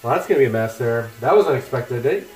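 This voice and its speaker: A middle-aged man runs a relaxed cooking livestream from his home kitchen, chatting and joking with viewers as he cooks. His medium-pitched voice is expressive, quick, and somewhat dark in tone. The kitchen is echoey, with music from laptop speakers and the sound of frying food in the background.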